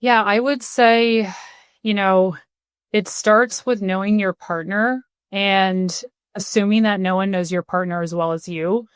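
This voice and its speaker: A woman's voice: medium pitch, fairly even intonation, unhurried, smooth, no room sound, studio quality. A woman in her thirties, a podcast guest, speaking upbeat and laughing easily. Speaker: guest, partnerships leader. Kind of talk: conversational interview.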